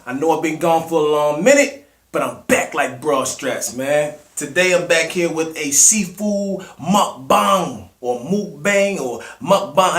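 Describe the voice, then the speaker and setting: A man's voice: a little high, a bit bright, roomy sound. Laid-back Maryland man, slangy vlog talk. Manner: laid-back slangy, calls viewers family. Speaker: mukbang vlogger. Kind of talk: casual eating vlog.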